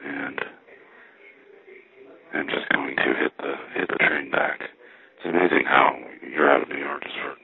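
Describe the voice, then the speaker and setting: A man's voice: extremely low pitch, level tone, unhurried, gravelly, long pauses. A man calling in from a public payphone, rambling wryly in a casual spoken diary as a payphone hobbyist. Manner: wry, meandering, self-correcting. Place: public payphone near a station. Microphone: payphone handset. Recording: tinny payphone line.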